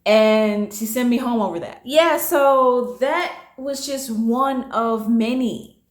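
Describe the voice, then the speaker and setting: A woman in her late twenties, casually telling a personal story, animated and acting out what others said. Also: takes it slowly. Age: late 20s. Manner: animated, acting out quotes with big pitch jumps. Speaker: storytime vlogger. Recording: echoey room.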